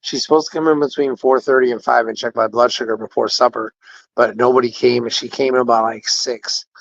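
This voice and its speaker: A man casually telling an animated, indignant story about a care-facility visit, quoting the people involved. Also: mid-range voice, a little fast, vocal fry. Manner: animated, indignant retelling with quoted dialogue. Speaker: podcast host. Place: patient room in a care facility. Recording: dull, dry lo-fi audio.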